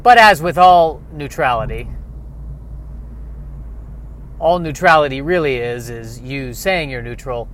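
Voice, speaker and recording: Sardonic comedian from Colorado, plain unaccented voice, rambling monologue outdoors, faint traffic behind. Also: male voice, mid-range voice, animated, normal speed, a bit bright. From Aurora, Colorado. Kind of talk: casual comic monologue. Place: outdoors on a city street.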